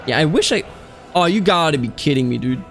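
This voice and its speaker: Speaking briskly at a fairly high pitch, a man from Bavaria hosts a let's play of a strategy game with soft background music. He reads game events aloud between casual remarks, gets animated, and lets out exasperated outbursts, often calling people "dude."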